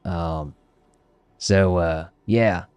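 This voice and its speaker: A man's voice: sits low, drawn-out words, darkish tone, clear, resonant tone, dry recording, highs cut off. A man from Texas streaming a game live, putting on a thick Texas accent and bantering with viewers in a joking, profane way. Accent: put-on Texas drawl. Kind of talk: casual livestream chat while gaming.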